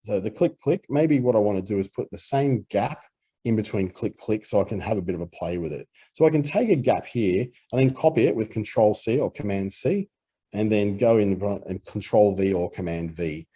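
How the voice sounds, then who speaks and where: Male tutor with an Australian accent, relaxed walkthrough, low and husky. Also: normal speed. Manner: relaxed explanatory talk with fillers. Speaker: audio editing instructor. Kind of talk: screen-recorded software tutorial.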